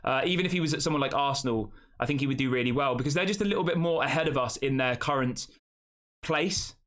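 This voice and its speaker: A man's voice: medium pitch, quick pace, fairly bright tone. A young man hosting a casual live stream, chatting and reading out viewer comments before answering them. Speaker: fan channel host.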